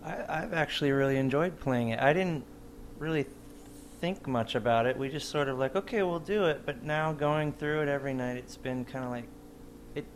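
A male musician reflects easygoingly in a casual interview, musing in a relaxed flow. His mid-range voice has faint noise behind it. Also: mid-range voice, moderate pace. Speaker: touring band musician, interview guest.

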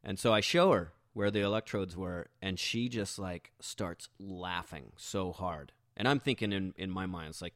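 A man's voice: lowish voice, lively intonation, moderate pace, fairly bright tone, dry recording, clean studio sound. A man hosting a podcast, telling an embarrassing story in a rambling, self-mocking way with many restarts. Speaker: podcast host. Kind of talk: casual storytelling monologue.

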